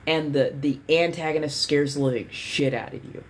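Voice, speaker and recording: A woman's voice: low-pitched, fairly even intonation, normal speed, slight background noise. A woman hosting a livestream in casual chat. She rambles candidly, swears freely and leans on lots of fillers. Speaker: livestream host.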